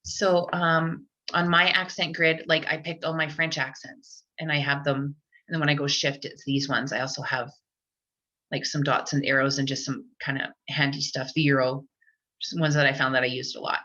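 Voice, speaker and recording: A woman's voice: sits low, level tone, normal speed, pushed and bright. A woman presenting a live online tech workshop for teachers, chatty, with lots of fillers and restarts. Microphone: computer mic on a video call. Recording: dull lo-fi online call audio.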